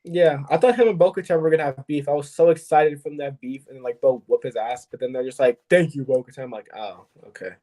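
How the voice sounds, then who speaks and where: A man's voice: fairly high pitch, fast, few pauses, warm tone. A man co-hosting a fan podcast, laid-back and chatty, retelling scenes with many fillers. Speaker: podcast co-host. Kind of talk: casual podcast chat.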